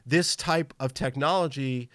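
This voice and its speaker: A man's voice: mid-range voice, measured pace, fairly bright tone, no echo, clean studio sound. A man hosting a live gaming podcast in casual chat, upbeat and tired from travel, greeting viewers by name. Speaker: podcast host.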